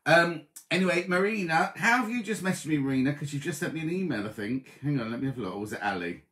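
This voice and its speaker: On a live online coffee morning, a man with a fairly bright voice on the high side chats fast and animatedly. He reads out messages from viewers and welcomes them as "my love" in easygoing stream talk.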